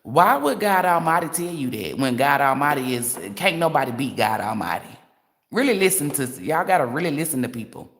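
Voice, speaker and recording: A woman's voice: low voice, big pitch swings, fairly quick. Blunt, profane woman tarot reader ranting. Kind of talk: livestream rant.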